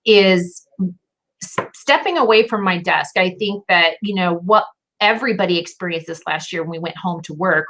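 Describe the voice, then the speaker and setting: A woman's voice: fairly low pitch, fairly bright tone. Woman guest, earnest and reflective, casual chat with many fillers. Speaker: guest, entrepreneur.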